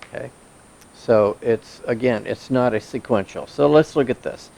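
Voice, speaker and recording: A man leads a Bible class, reading scripture aloud and then breaking it down in plain words. He asks his listeners questions and points them to a diagram as he goes. His voice sits at an ordinary middle pitch for a man. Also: moderate pace, creaky, darkish tone. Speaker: Bible teacher. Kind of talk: verse-by-verse Bible teaching.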